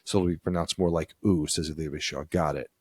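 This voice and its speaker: Deep-voiced man explaining on a podcast. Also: steady tone, fairly quick, husky, dry recording. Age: adult with children. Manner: reads out and explains an article, laughs easily. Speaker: podcast co-host. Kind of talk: casual explainer chat.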